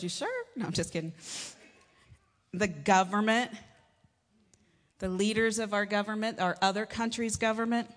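A woman pastor delivers a sermon in a church, talking in a chatty, joking way and pushing hard on her points with sudden emphatic rises. Her voice sits at an ordinary middle pitch and carries a long hall reverb. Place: church sanctuary.

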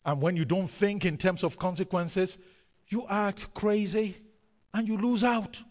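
Emphatic preacher with a higher voice. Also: male voice, steady tone, a little slow, darkish tone, in a large hall. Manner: emphatic, repeats key words, hesitant fillers. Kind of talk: sermon storytelling.

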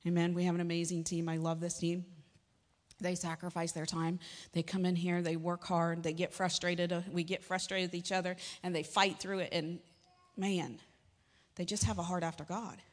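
A woman's voice: fairly low pitch, little pitch movement, normal speed. Woman preaching in a reverberant church. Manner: conversational and joking, with sudden emphatic rises. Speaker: pastor. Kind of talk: sermon. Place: church sanctuary. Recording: long hall reverb.

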